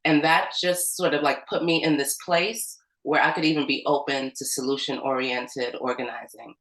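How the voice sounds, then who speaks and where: An American woman, a community organizer, shares a personal story at an organizing meeting, talking loosely with plenty of "like" and "um." Her voice rumbles low and sounds a bit bright, with fairly even intonation at a normal speed. The recording is rough and the room echoes.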